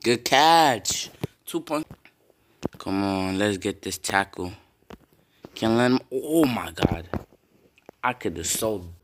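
A young man casually commenting on his own football video game, swearing and breaking into loud yells at big plays. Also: lowish voice, animated, slow, pauses often, a little hiss or hum. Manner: reactive, swears often, bursts into loud yells.

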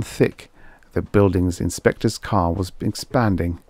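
A man's voice: sits low, a little slow, a little mellow, no room sound. A man narrating a vintage story aloud in a wry first-person telling. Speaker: audiobook narrator. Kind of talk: scripted narration.

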